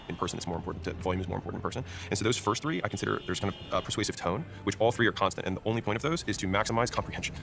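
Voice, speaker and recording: A man who trains salespeople, talking fast and emphatically and teaching through examples in a casual podcast conversation. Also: on the low side, creaky, background noise.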